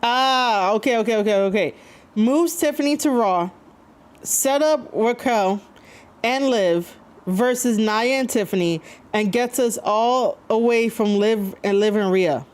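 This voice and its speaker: A woman's voice: fairly high pitch, a little slow, darkish tone. A woman streaming live, chatting casually to her viewers with many fillers, rambling and reading chat messages aloud. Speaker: streamer reacting to wrestling.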